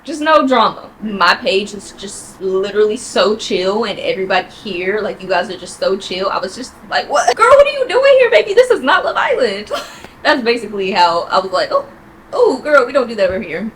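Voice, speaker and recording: A young woman chats straight to her camera in a relaxed, animated way, laughing easily as she talks. She jumps up into a high voice whenever she quotes someone. A faint hum of room ambience sits behind her. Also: poor audio. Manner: chatty, animated, laughs often; leaps high when quoting people. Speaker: vlogger. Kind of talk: casual chat to camera.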